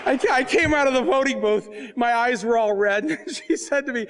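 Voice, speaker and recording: High-pitched guy doing a funny storytelling talk at a book fair, jokey, acts stuff out. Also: fairly quick, few pauses, a faint crowd. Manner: animated, joking, acts out scenes and voices, often breaks into laughter. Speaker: author and filmmaker giving a talk. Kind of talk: comic storytelling to a live audience.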